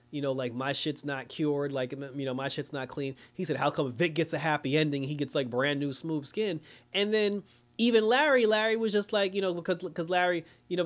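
A young man recapping a TV episode casually, acting out the characters' lines and laughing often. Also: a little high. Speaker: show reviewer.

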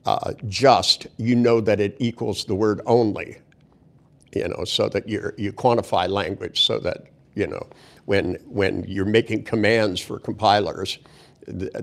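An older man with a low, gravelly voice tells a long story in a loose, rambling way. He is blunt and profane and drops crude jokes between restarts and asides. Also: steady tone, measured pace. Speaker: speaker telling a story. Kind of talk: casual anecdotal storytelling.

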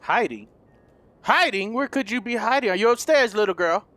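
A man doing playful let's play commentary, goofy and loud, who repeats lines and yells when startled. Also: fast talker, no echo. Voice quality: high-pitched comedic voice. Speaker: gaming YouTuber.

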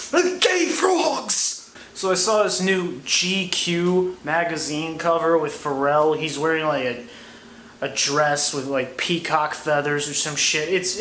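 Young male comic, profane and sarcastic, highish voice, echoey room. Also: fairly bright tone. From United States. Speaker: comedian. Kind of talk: comedy monologue. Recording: echoey room, faint noise.

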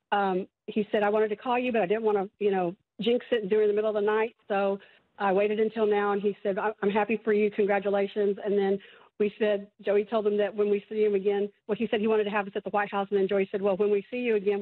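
Fast-talking woman over a phone line. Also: mid-range voice. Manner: quick, with fillers. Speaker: mother of a released prisoner. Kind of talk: phone interview on a news broadcast.

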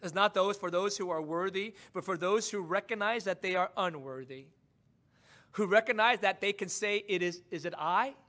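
A male pastor preaching a sermon, moving from quiet, intimate asides to rising, emphatic declarations. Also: high voice, normal speed.

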